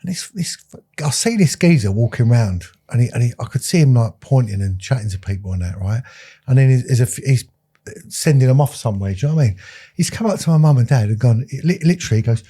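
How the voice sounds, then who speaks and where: A man's voice: medium pitch, fast, slightly rough. A man on a podcast telling a funny anecdote, acting out the voices. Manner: lively storyteller, acts out voices. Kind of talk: casual anecdote.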